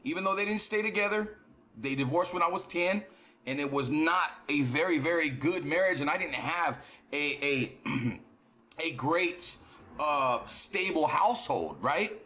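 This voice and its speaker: A man's voice: fairly high pitch, expressive, measured pace, bright, forceful tone. A man hosting a reaction channel, talking in a blunt, profane, emphatic way and often repeating words as he rants and tells a story. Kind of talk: casual reaction monologue.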